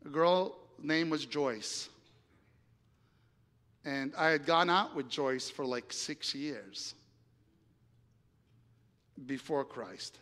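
A man preaching, telling a personal story with lively acted-out dialogue and big swings between loud and hushed lines. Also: a little high, very slow, long pauses. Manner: animated storyteller acting out dialogue, dramatic volume swings. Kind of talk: sermon storytelling. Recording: reverberant hall.

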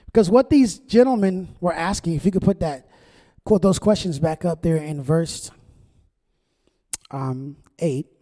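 A man preaching a sermon as a pastor, conversational and animated, acting out the quotes he reads. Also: fairly high pitch, measured pace, pauses often, long reverb tail.

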